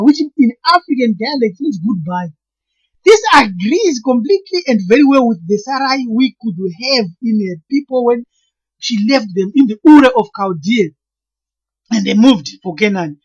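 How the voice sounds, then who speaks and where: Husky woman explaining earnestly. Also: fairly high pitch, lively intonation, dull audio. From Zimbabwe. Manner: earnest, deliberate, often stalls and restarts words. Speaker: lecturer on name meanings. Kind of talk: explanatory monologue.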